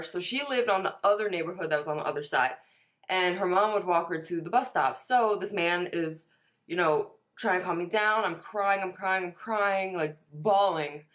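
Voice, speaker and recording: A woman's voice: lowish voice, a bit bright. Chatty young woman telling a story. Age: 20s. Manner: chatty, swears casually, lots of "like". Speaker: vlogger. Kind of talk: casual storytelling.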